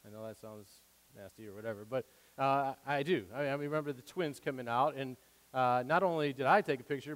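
A man preaching a sermon, excitable, swinging from loud declarations to quiet asides. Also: on the high side. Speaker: pastor. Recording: long hall reverb.

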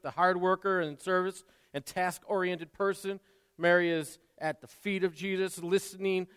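A man's voice: on the high side, clear, resonant tone. A male pastor preaching a sermon in a church, earnest and conversational, with frequent restarts and asides. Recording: long reverb in a large hall.

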